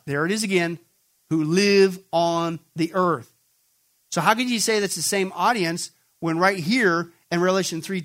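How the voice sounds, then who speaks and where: A man's voice: high-pitched, fairly bright tone. A male pastor preaching an emphatic sermon, often throwing questions back at the congregation. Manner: emphatic call-and-response questioning.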